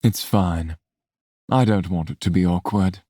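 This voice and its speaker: A brooding scarred warrior with a very deep voice, quiet and guarded in his speech, as a man voices him. The reading sounds close and dry, with no room in it. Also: unhurried, no room sound.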